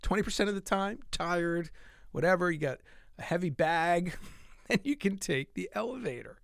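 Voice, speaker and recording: A middle-aged man hosting a fitness podcast in a casual monologue, animated, laughing often and dropping into soft asides. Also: high-pitched, normal speed, vocal fry, no room sound, studio quality.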